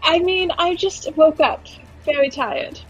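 A woman's voice: sits high, measured pace, dull audio, soft background music. A woman who is a player in a tabletop game, speaking tentatively with fillers. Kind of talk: tabletop role-play.

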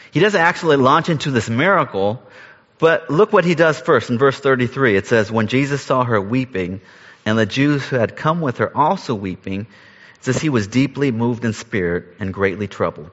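A man's voice: medium pitch, animated, moderate pace. Male pastor, earnest sermon delivery, muffled recording in a big reverberant room. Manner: earnest, rises to emphasis then drops soft.

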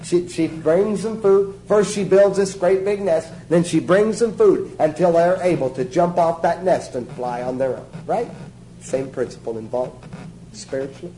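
A man's voice: a little high, moderate pace, warm tone, a little hiss or hum, poor audio. A man preaching an informal sermon in a folksy, joking way, often asking his listeners questions. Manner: folksy, jokey, asks the audience questions.

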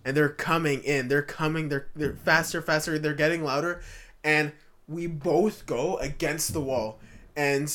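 Young man, slightly high voice, casual podcast storytelling, rambling, full of fillers and restarts. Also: steady tone, a little slow, a bit bright. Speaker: podcast host.

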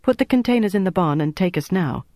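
A man's voice: high-pitched, animated, darkish tone, dry recording, clean studio sound, pitched above the performer's own voice. A man voicing a firm, commanding female British agent in an audiobook. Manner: firm, brisk orders.

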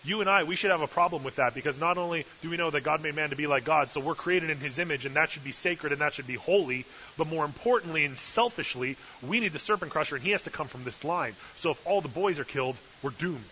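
A man's voice: fairly high pitch, fast, bright, forceful tone. A male preacher giving a sermon with humorous, sarcastic asides, in a dull lo-fi recording with hiss.

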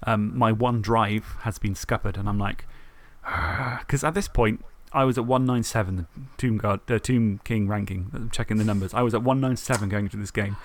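A man on a podcast, telling the story of a tabletop game match in a lively way, swearing and acting out his own thoughts. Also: on the low side, normal speed, hardly any pauses. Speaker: podcast co-host. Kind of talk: casual tabletop game recap.

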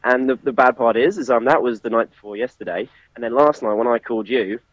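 A man's voice: medium pitch, quick pace, no room sound. A man from England on a phone call, telling stories in a chatty, laughing way, his English accent tinged with Australian. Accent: English, with some Australian. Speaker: podcast guest on a phone call. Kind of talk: casual chat. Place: working in a café. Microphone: phone speaker on a call.

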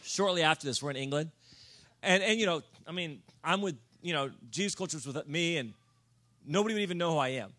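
A man with a high, bright-toned voice preaches to a room. He tells self-mocking stories in an animated way and breaks into loud comic shouts. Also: fairly quick. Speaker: pastor. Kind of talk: sermon storytelling. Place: church or conference room.

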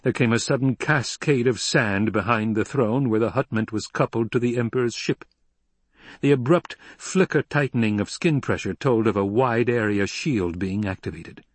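A man with a medium-pitched voice narrates an audiobook at a moderate pace, telling the scripted story in a steady, even manner. The recording is dry.

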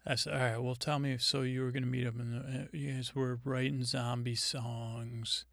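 A man hosting a comedy podcast, retelling a conversation in a rambling, deadpan way with many halting restarts. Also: mid-range voice, vocal fry, no room sound, clean studio sound.

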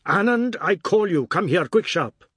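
A man voicing an enraged middle-aged father, shouting in a strained, raw voice. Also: medium pitch, expressive, drawn-out words, slightly rough, dry recording, full character voice. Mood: furious.

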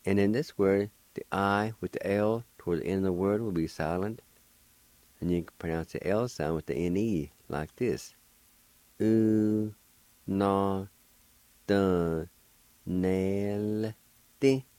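A man's voice: low-pitched, moderate pace, a little mellow, no echo. A man teaching a language on a radio show, patiently spelling out words letter by letter and pronouncing them syllable by syllable. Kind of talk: slow spelling and pronunciation lesson. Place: radio studio.

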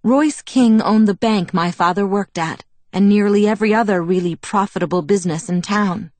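A woman's voice: medium pitch, moderate pace, darkish tone, no echo, natural voice. Woman reading proud bitter young vampire lady, self-mocking and wistful, dry close audiobook sound.

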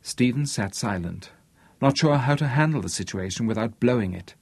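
A man narrating an audiobook in a lively, expressive reading. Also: medium pitch, moderate pace, husky, no echo. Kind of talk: scripted narration.

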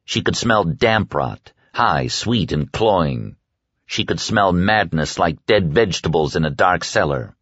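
Deep-voiced, dramatic male audiobook narrator. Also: a little slow, slightly rough, no echo, highs cut off. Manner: dramatic, expressive storytelling. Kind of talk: scripted narration.

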